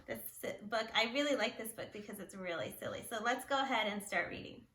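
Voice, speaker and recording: A woman teaching a young class from home, giving a slow, clear and encouraging lesson and reading a picture book aloud. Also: a little high, a bit bright, echoey room. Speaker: kindergarten teacher. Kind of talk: remote class lesson and story read-aloud.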